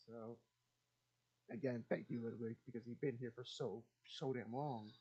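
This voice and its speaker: A man's voice: medium pitch, fairly even intonation, normal speed, warm tone, husky. A young man telling rambling stories in a casual chat, laughing and swearing as he goes, on a dull lo-fi recording. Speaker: guest answering questions.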